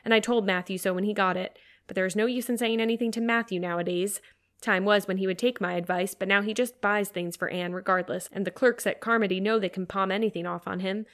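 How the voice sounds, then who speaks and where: A woman reading aloud, voicing a gruff, practical older farm woman who grumbles briskly. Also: mid-range voice, natural voice.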